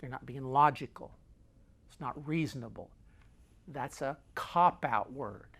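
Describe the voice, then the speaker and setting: With an unhurried, creaky, mid-range voice, a middle-aged man gives a motivational talk as its host. His folksy delivery is emphatic and full of hand gestures; he leans on repetition of key phrases and swings between loud and quiet.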